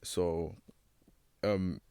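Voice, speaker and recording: Young man, late teens, low voice, hesitant, lots of fillers, dry close sound. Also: steady tone, drawn-out words, mellow, clear, resonant tone, no room sound. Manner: hesitant, filler-heavy, searching for words. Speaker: young guest. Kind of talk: casual personal storytelling.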